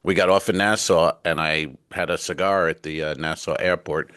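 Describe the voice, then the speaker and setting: Middle aged comic guy, lowish voice, dry sound, rambling swearing storyteller doing the voices. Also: fairly even intonation, moderate pace, fairly bright tone, smooth, no room sound. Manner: rambling, profane storyteller who acts out quotes. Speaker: stand-up comedian and podcast co-host. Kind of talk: casual comedic chat. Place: cruise ship cabin.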